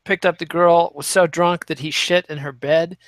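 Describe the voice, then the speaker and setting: A man with a high voice trades blunt, crude jokes on a podcast. The sound is close and dry, with almost no room. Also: steady tone, moderate pace, no echo. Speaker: podcast co-host. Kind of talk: casual podcast banter.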